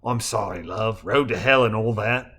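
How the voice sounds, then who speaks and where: A man reading a novel aloud, voicing a rattled, anxious husband in a low, hushed, weary voice. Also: moderate pace, husky. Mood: apologetic.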